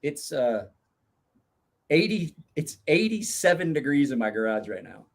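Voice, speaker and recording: A man with a slightly husky, breathy voice, talking loud and swearing freely. He tells rambling stories in a casual chat from his home garage. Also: a little high, unhurried. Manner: loud, swears a lot, animated storyteller. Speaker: host.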